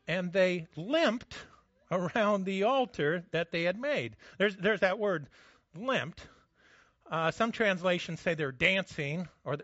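A man's voice: sits high, bright, forceful tone, no echo, lo-fi sound. A man preaching a sermon in a casual, joking way, often restarting his sentences. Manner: conversational, self-mocking humor, frequent restarts. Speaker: pastor.

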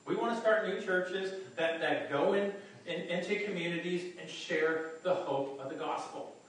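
A male pastor preaching a sermon to his congregation in an animated way, often repeating words as he restarts. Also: high-pitched, normal speed. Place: church hall. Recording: echoey hall from far off, faint noise.

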